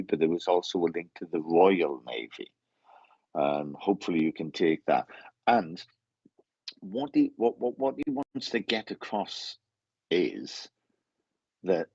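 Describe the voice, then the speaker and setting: Low gravelly medium. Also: male voice, a little mellow, dry recording, dull audio. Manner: halting, repetitive, with many restarts and self-corrections. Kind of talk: live mediumship reading.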